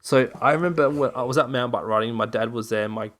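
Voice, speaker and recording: A man co-hosting a podcast in casual, jokey chat, quick to chime in. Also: medium pitch, a bit bright. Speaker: podcast co-host.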